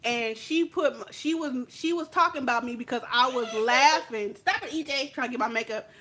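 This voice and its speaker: A woman makeup vlogger telling a story in sassy, animated casual chat, talking straight to the viewer. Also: sits high, moderate pace.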